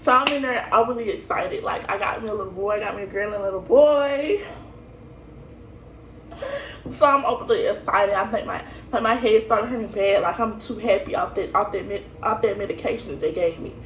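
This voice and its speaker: A young woman tells her birth story in a relaxed, rambling way, laughing often and full of fillers and false starts. Her medium-pitched voice is brisk and fairly bright, though the recording sounds muffled, with slight background noise, and she's heard from a distance in an echoey room.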